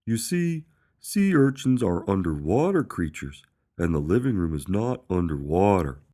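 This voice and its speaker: A man's voice: low voice, big pitch swings, measured pace, dark tone, pitched above the performer's own voice, heavily acted. A man voicing a literal-minded young male dog who speaks in an earnest, matter-of-fact way.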